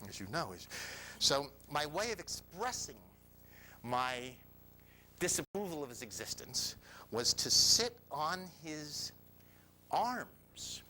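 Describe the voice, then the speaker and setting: Older male storyteller, bright, lively pitch, self-mocking, faint rumble behind. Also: slow, long pauses. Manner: animated, self-mocking, drops to whispers for quoted lines. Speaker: storyteller speaking to an audience. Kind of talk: personal storytelling talk.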